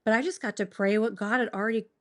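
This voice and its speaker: A woman in her forties tells her faith story as a podcast guest. She talks earnestly and gets emotional, with sudden bursts of enthusiasm, and her voice sits at an ordinary middle pitch. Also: steady tone, fast. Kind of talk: faith testimony in conversation.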